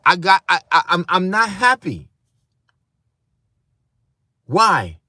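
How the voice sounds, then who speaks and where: A man's voice: sits high, very animated, takes it slowly, pushed and bright, dry recording. Dry-voiced man ranting to his chat. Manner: preachy, rambling, talks to his chat. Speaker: livestream host. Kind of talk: casual livestream rant.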